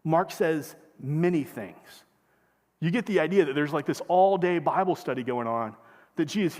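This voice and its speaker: In a church sanctuary with a long reverb tail, a man whose voice runs on the high side preaches a sermon. As a pastor he keeps it conversational, often asking the congregation questions.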